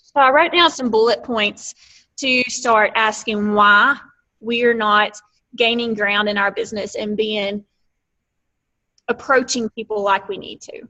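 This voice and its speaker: Woman with an Alabama accent, guest speaker, emphatic motivational delivery, bright tone. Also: mid-range voice, poor audio. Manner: earnest, emphatic, acts out quoted exchanges. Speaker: guest speaker on a team coaching call. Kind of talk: motivational talk. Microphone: phone or computer on a conference call.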